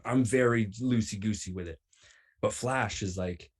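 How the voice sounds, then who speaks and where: A man's voice: lowish voice, moderate pace. A man guesting on a podcast, telling prank stories in a casual, playful way and acting out what people said. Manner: animated, playful, acts out quotes. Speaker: podcast guest, pro wrestler. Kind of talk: casual storytelling.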